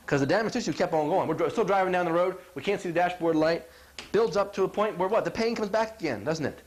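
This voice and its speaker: A middle-aged man with a high voice gives a folksy health talk as a chiropractor. He is animated and acts out what people say, checking often that his listeners follow him. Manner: animated, acts out quotes, asks "you follow?".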